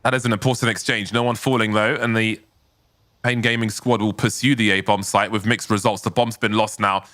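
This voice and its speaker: A man's voice: lowish voice, brisk, no room sound. A man commentating an esports match, mixing chatty analysis with livelier calls of the action. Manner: conversational, rises to excited calls.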